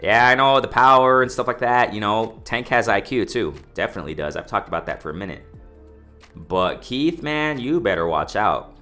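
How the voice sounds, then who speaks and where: Soft background music plays as a man with a somewhat low voice comments on boxing at a moderate pace in a casual vlog. He's excited and repetitive, regularly hailing "ladies and gentlemen" and restarting sentences.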